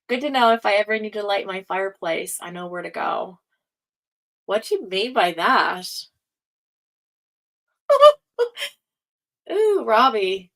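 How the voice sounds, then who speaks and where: A woman's voice: medium pitch, a bit bright. Woman host on a tarot stream, gushy and rambly, laughs a lot, reads out chat. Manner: emotional, gushing, laughs often, rambling. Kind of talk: casual chat reading live comments.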